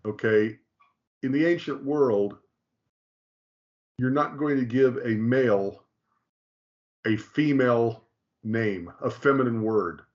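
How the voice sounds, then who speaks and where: A man's voice: medium pitch, takes it slowly, pauses often. Emphatic man explaining, lo-fi sound. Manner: emphatic, repetitive, checks in with "okay?". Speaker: teacher explaining Hebrew. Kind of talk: conversational teaching.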